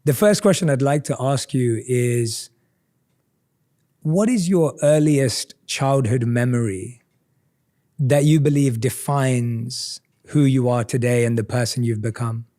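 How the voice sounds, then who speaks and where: A man's voice: medium pitch, slow pace, warm tone. A man hosting a podcast interview, welcoming his guest enthusiastically. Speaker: podcast host. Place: seated indoors for an interview.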